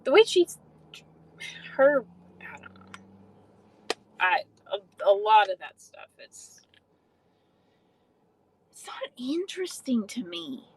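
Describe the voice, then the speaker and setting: A young adult woman hosts a livestream, chatting casually, swearing freely, and responding to viewers' comments. Her voice is on the high side, sing-song, and husky, with a slow delivery and long pauses, and the audio is poor.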